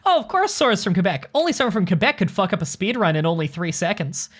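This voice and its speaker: A woman's voice: mid-range voice, big pitch swings, fast talker. A woman streamer chatting casually while gaming with friends, a rambling storyteller who swears freely. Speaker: streamer playing a hunting game with friends.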